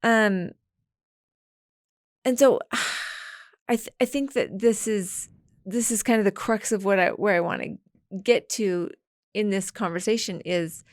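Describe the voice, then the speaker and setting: A woman's voice: mid-range voice, measured pace, pauses often, no room sound, studio quality. Thoughtful woman podcast co-host. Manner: thoughtful, hesitant, many restarts. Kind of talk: casual podcast chat.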